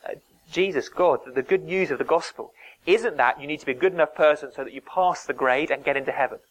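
A man's voice: on the high side, fast, rough recording. A man preaching a sermon, earnest and emphatic, dropping to near-whispers to stress a point.

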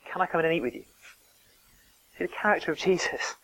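Earnest preacher, hushed emphasis. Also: male voice, on the high side, fast, gravelly, low-quality recording. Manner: earnest, emphatic, drops to hushed whispers for stress. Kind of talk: sermon.

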